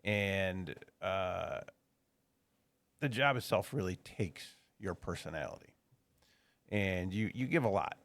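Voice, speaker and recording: A man asking a long interview question slowly and haltingly. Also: low voice, lively intonation, vocal fry, a bit bright. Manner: slow, measured, halting. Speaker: podcast co-host.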